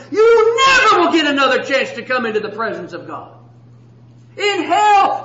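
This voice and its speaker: A man preaching a sermon with passion, moving between shouting and a hushed voice. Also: extremely high pitch. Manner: impassioned, swings from shouting to hushed. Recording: echoey room, slightly dull sound.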